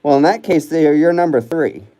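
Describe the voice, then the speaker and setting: A livestream host with a somewhat high, dark-toned voice talks briskly while reading viewer comments, rambling and hesitating with plenty of fillers and restarts. The recording quality is low.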